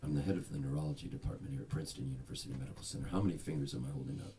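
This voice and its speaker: A man playing a calm, brisk woman neurologist in a comic stage story, voice pitched a little lower. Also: distant mic, noisy background. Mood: clinical.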